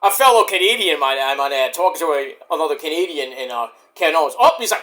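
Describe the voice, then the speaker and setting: Bright-voiced man rambling through live commentary. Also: fairly high pitch, very animated, a little fast. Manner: rambling, profane, talks to himself about the action. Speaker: show reviewer. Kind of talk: casual running commentary while watching.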